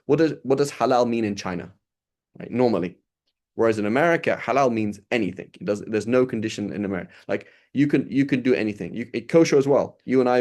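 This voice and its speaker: In a fairly low, slightly mellow voice, a man teaches an informal religious lesson. He keeps things casual and conversational, throwing rhetorical questions to those listening.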